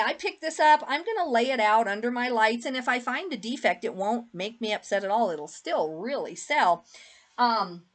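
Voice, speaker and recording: A woman's voice: medium pitch, fairly bright tone. A woman reseller chatting casually through a clothing haul, rambling with lots of fillers and asides. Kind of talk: casual haul vlog chat.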